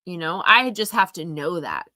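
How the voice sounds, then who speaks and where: A woman's voice: fairly low pitch, animated, moderate pace, sharp tone, dry recording, clean studio sound. A woman hosting a live oracle card reading, giving earnest, emphatic advice straight to her viewers. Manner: earnest, emphatic, confiding, speaks to viewers directly.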